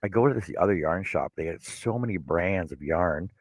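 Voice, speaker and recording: Man co-host, deep voice, loose rambling storyteller, dry mic. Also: lively intonation, normal speed, slightly rough, dry recording, low-quality recording. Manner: rambling storyteller, many restarts. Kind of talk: casual chat.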